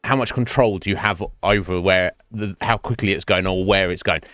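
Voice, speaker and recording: A man's voice: low-pitched, moderate pace, fairly bright tone, no room sound, studio quality, soft background music. A man streaming live, chatting casually with his viewers in a rambling, self-mocking way and swearing freely.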